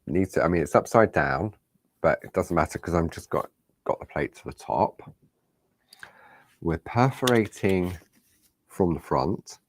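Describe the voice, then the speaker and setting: Deep-voiced, chatty male craft tutor. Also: expressive, measured pace, long pauses. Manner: chatty, reassuring, talks to viewers. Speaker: crafting demonstrator.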